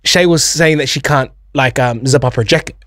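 A man's voice: mid-range voice, moderate pace, fairly bright tone, no echo, studio quality. A young man hosting casual radio banter, rambling and laughing with restarts. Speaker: radio host.

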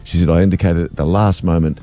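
A man's voice: low voice, fast talker. A middle-aged man, chatting as a radio co-host and telling stories with easy laughs. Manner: animated storyteller, laughs easily. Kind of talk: casual radio chat.

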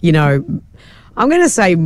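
A woman's voice: on the low side, moderate pace, no room sound. A woman co-hosting a drive-time radio show, telling stories in casual chat and acting out the people in them. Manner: storytelling, animated, acts out quotes. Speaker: radio host. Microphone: studio mic.

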